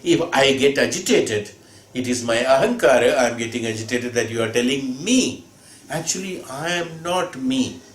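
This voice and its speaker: A man's voice: mid-range voice, animated, moderate pace. A man giving a spiritual discourse, explaining patiently and posing rhetorical questions. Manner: explanatory, rhetorical questions, acts out quoted speakers. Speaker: spiritual teacher. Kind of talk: discourse on scripture. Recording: echoey room with faint ambient noise.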